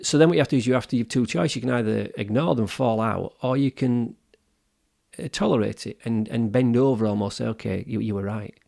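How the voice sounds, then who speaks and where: A man's voice: mid-range voice, brisk, creaky, a little mellow. A man, co-hosting a wellbeing podcast, talking earnestly with lots of restarts. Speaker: podcast co-host. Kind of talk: casual podcast discussion.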